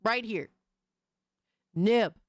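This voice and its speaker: A woman streamer giving casual commentary, animated and mocking, swearing freely. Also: on the high side, very slow.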